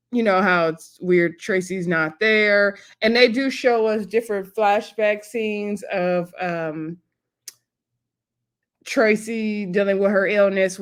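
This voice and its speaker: A woman casually reviewing a reality TV episode, chatty and conversational, with frequent fillers and animated asides. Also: mid-range voice. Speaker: TV show reviewer. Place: home.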